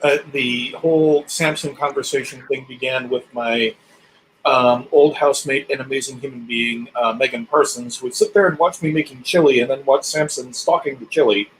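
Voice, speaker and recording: A man's voice: medium pitch, steady tone, normal speed, a little hiss or hum, low-quality recording. A man co-hosting a podcast, telling stories in an easygoing, casual way. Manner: easygoing storyteller. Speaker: podcast co-host. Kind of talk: casual chat.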